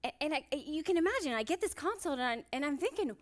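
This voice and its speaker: A woman's voice: high voice, expressive, quick pace. A woman psychiatrist giving a motivational conference talk on stage, telling humorous stories and asking the audience rhetorical questions.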